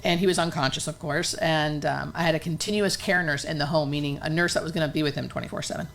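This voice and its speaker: A woman's voice: sits low, fast, gravelly, a bit bright, slight background noise. A woman hospice nurse earnestly telling a personal story in conversation, emotional and full of fillers.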